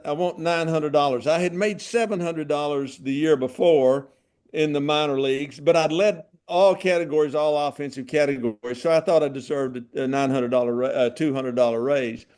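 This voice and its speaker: An older man with a slightly raised voice recalls his playing days in relaxed, folksy chat. He chuckles through his stories and talks like an old ballplayer among friends. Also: on the high side. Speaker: former ballplayer telling stories. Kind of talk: casual storytelling chat.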